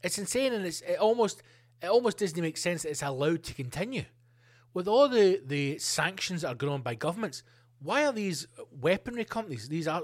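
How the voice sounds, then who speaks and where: Man, podcast host, comedic rant, sweary, animated, slightly high voice.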